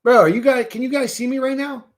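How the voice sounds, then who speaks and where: A man with a very high voice and fairly even intonation speaks at a quick pace as he hosts a live stream. Addressing his audience directly, he rants with heat and profanity, mocking and swearing while chatting with viewers in the stream chat.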